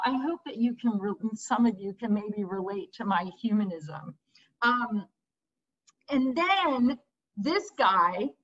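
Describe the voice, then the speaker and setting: This is a middle-aged woman lecturing casually and candidly about art over a video call, laughing at her own tales as a visiting artist lecturer. Her voice sits high and is a bit bright, with muffled call audio.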